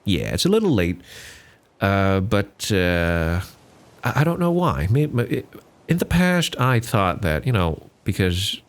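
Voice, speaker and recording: A man's voice: fairly low pitch, very animated, a little slow. A man, hosting a casual solo podcast, rambling with lots of fillers and restarts. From Singapore. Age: 20s. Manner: rambling, frequent fillers and restarts, laughs often. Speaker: podcast host.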